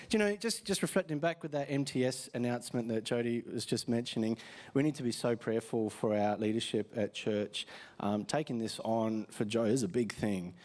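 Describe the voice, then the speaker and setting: A tired Australian pastor talks his way through a casual sermon from a church stage, telling stories full of fillers and restarts. His voice is mid-range and slightly mellow.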